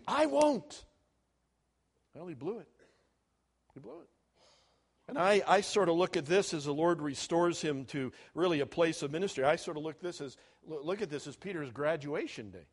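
A man preaching a sermon to students, animated, moving between loud and soft and chuckling at his own jokes. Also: fairly high pitch, slightly rough.

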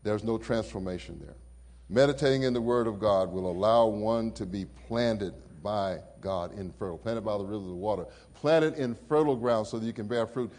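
Emotive male pastor telling a story. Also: moderate pace. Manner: emotive storytelling, rising high and loud then dropping low and soft. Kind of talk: sermon with personal stories.

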